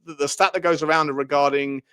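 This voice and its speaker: A man's voice: on the high side, fairly even intonation, a little fast, fairly bright tone, clean tone. A man co-hosting a football podcast in casual chat, rambling, with many fillers and restarts.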